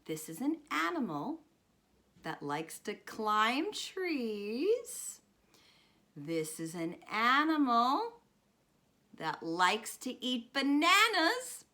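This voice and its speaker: With a fairly high voice, a woman speech teacher reads a guessing picture book to young children, animated and encouraging. She gasps, stretches out words, and coaxes the kids with questions.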